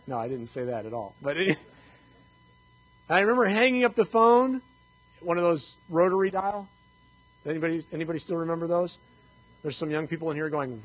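An older man telling personal stories to a live audience in an animated, joking way, acting out the dialogue. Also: a little high, fairly quick, poor audio. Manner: animated, jokey, acts out dialogue. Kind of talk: storytelling talk to a live audience.

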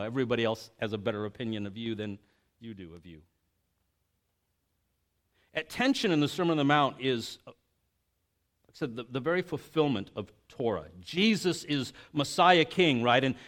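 Animated conversational male preacher. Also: mid-range voice. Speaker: pastor. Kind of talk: sermon.

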